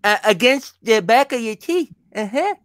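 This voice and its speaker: A woman's voice: fairly high pitch, expressive, moderate pace, dry recording, clean studio sound. A woman co-hosting a casual chat, hesitant, with many fillers and restarts. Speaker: podcast co-host.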